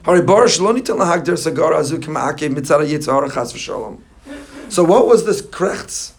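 A man with a somewhat high voice delivers a sermon as a rabbi, lively and full of joking asides. He weaves Hebrew and Yiddish terms into his talk. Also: moderate pace, a little hiss or hum.

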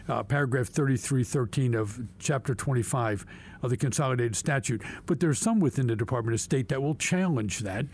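Male legislator explaining policy, emphatic, mid-pitched, repeats points for weight. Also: darkish tone. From Pennsylvania. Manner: emphatic, repeats key words for stress. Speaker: state representative. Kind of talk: policy discussion.

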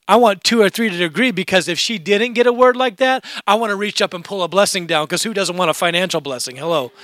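A man preaching in church, his voice high and bright as he tells a lively personal story. He swings between quiet asides and loud shouts of praise. The sound is dry and close. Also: dry recording. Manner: animated, laughing, building to shouted praise. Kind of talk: sermon with personal testimony.

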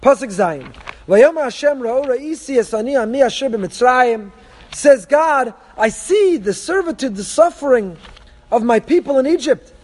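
A very high-pitched man leads a text-study lesson, reading passages aloud and translating them line by line. He speaks emphatically and poses rhetorical questions to his listeners. His voice rings with a long hall reverb. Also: animated, normal speed, darkish tone. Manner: reads source texts aloud then translates them. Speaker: Torah teacher.

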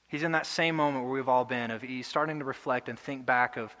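A young adult man preaching a sermon earnestly, building to loud emotional peaks. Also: medium pitch, fast talker, few pauses, in a large hall. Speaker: pastor. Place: church hall.

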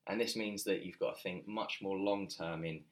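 A man's voice: deep voice, fairly even intonation, moderate pace. A man, a fitness coach, talking in a loose, conversational way with lots of fillers and restarts. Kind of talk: casual podcast chat.

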